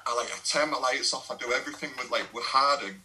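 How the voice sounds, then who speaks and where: A man's voice: mid-range voice, fast, sharp tone, slight background noise, low-quality recording. A young English man, a non-league footballer, telling laddish stories in a casual podcast chat, swearing and laughing as he goes.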